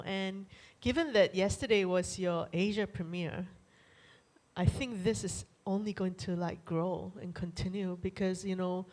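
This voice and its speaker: A woman's voice: lowish voice, darkish tone, low-quality recording. A woman moderating a Q&A at a church event, thanking the guest and reading out questions in a chatty way with fillers. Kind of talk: hosting a Q&A.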